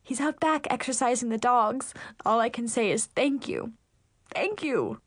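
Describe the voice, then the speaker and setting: A woman's voice: on the high side, lively intonation, a little slow, dry recording, studio quality. A woman voicing an emotional older woman who runs an animal shelter, talking gratefully and tearfully.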